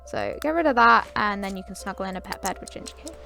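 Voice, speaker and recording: A young woman giving casual, chatty gameplay commentary while she plays, often bemused and quick to correct herself. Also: mid-range voice, expressive, vocal fry, sharp tone, faint music behind. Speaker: gaming YouTuber.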